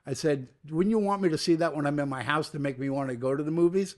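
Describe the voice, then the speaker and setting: A slightly high voice and a quick pace mark this older man from New York, a media entrepreneur who is a guest in a storytelling interview. He recounts lengthy stories energetically, acting out the dialogue as he goes.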